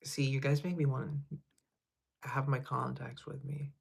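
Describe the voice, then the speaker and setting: Speaking at a moderate pace with vocal fry, this man hosts a casual livestream in a mid-range voice with little pitch movement, reading viewer comments and rambling easily while laughing at himself.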